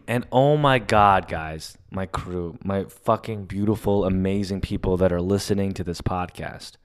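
A man hosting a solo comedy podcast, telling stories in a rambling, profane way with sudden loud bursts. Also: lowish voice, moderate pace, clear, resonant tone. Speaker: podcast host. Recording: audio-only podcast mic.

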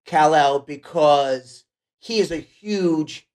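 A woman co-hosting a casual podcast, trading quick jokes and one-liners. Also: low voice, a little mellow. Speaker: podcast co-host. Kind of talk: casual chat.

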